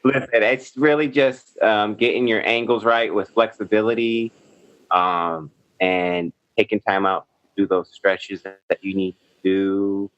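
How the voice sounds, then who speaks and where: A man's voice: fairly low pitch, steady tone, measured pace, a bit bright, no echo, lo-fi sound. An American man, a gymnast guest on a podcast, answering in an upbeat, enthusiastic way with some fillers. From United States. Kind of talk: casual interview answers.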